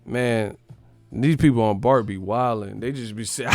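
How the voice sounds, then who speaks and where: A man from the Bay Area hosting a sports live stream, ranting in a profane, animated, comedic way and laughing often. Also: mid-range voice, unhurried, creaky, dry recording, faint music behind. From San Francisco Bay Area.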